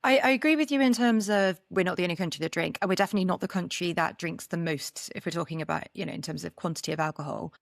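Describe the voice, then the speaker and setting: Podcast co-host: woman from Britain, lower voice with a gravelly edge, chatty and emphatic. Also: quick pace, hardly any pauses, no echo, clean studio sound. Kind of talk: casual podcast chat.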